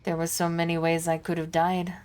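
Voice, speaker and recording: A tired, tender-hearted psychic companion, as a woman voices her in a put-on accent. Her delivery is wistful and emotional, with a slightly low voice. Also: completely flat delivery, fairly quick, darkish tone, clear, resonant tone, lightly acted. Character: weary, sentimental female psychic companion.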